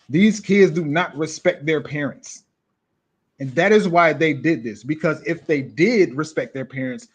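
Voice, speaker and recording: A man hosting a casual commentary show, animated and reading out viewer comments as he talks. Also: on the high side, breathy edge. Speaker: show host.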